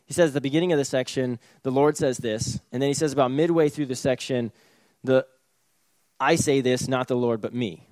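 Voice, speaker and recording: A man's voice: mid-range voice, darkish tone, dry recording. A man preaching a sermon in a casual, conversational way, with sarcastic asides and chuckles. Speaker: pastor.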